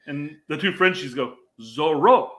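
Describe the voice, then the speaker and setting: A man's voice: a little high, expressive, fairly quick, a crowd in the background. A man co-hosting a podcast, rambling through a casual sports chat with lots of hesitation. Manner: rambling, hesitant, many fillers and restarts. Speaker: podcast co-host.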